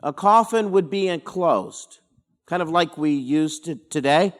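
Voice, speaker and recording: Here a man teaches scripture verse by verse as a pastor, leaning toward a higher pitch. He doesn't rush, explaining carefully and letting dramatic pauses hang.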